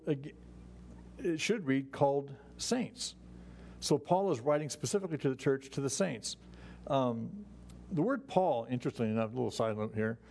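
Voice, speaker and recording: A man leads a Bible study in a loose, chatty teaching voice, pitched right in the middle for a man. He reads verses and then talks through them with frequent restarts and asides. A faint hum sits under the recording. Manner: relaxed and chatty, many "you know"s and restarts, chuckles.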